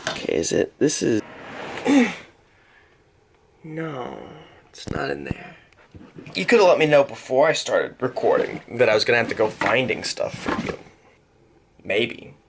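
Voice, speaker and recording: Recorded on a separate mic synced to camera, with background noise, this commentary comes from a young man at home in his room. His very animated, creaky mid-range voice runs a little slow and pauses often as he rambles through unplanned thoughts and pokes fun at himself.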